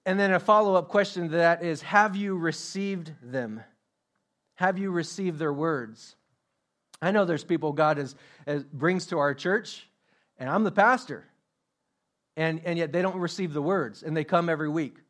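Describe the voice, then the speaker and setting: A pastor preaches a sermon in a slightly high, somewhat bright voice at a moderate pace. He is emphatic, repeats his questions and makes jokes at his own expense.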